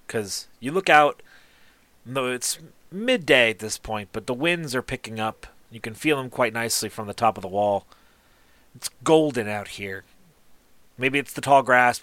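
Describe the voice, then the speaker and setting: Bright-voiced man running a tabletop game. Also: medium pitch, no room sound. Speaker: game master.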